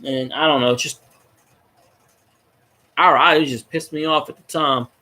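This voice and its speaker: A man's voice: on the high side, fairly even intonation, measured pace, sharp tone. A man, a fan vlogger rambling and swearing as he chats with viewers on a casual livestream. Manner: rambling, profane, talks to viewers in chat.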